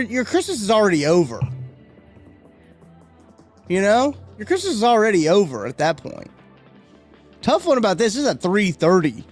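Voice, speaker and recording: A man hosting a live stream, chatting casually and rambling through viewer comments. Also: high-pitched. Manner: rambling, chatty, reacts to chat, yawning. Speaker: livestream host.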